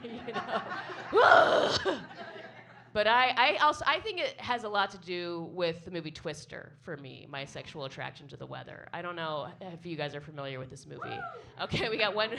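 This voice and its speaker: A woman comedian doing a chatty, self-mocking stand-up set to a live audience in a small club. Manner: chatty, self-mocking, with swoops into high silly voices.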